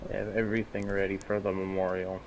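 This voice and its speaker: A man's voice: deep voice, level tone, fast talker, slight background noise, rough recording. A man chatting casually while gaming, mostly giving short, laid-back replies. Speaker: co-host.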